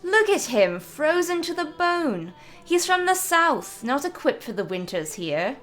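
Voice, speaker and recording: A woman's voice: big pitch swings, a little slow, a bit bright, faint music behind, full character voice. A woman voicing an elegant noblewoman who speaks in a refined, composed, mildly scolding way. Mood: poised. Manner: high-born, refined and scolding.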